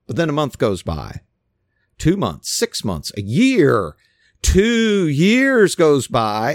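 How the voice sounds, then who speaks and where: A man preaching an informal sermon, emphatic and animated, with frequent restarts. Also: medium pitch, no room sound, clean studio sound. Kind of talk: casual sermon.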